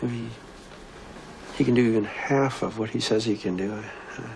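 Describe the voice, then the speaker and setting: Gravelly unsure guy in a movie scene, stumbling over his words. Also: fairly low pitch, moderate pace, a little mellow, slight background noise, low-quality recording. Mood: doubtful. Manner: hesitant, repeats words.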